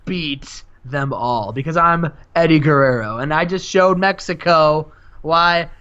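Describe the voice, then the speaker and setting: A man putting on a smug male wrestling champion bragging slowly about his wins, on a lo-fi mic. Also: a little high, sharp tone, clear, resonant tone.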